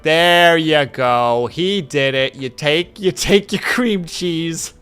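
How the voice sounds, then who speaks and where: A man streaming and telling stories in casual chat, animated and quick to swear. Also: on the high side, clear, resonant tone, faint music behind.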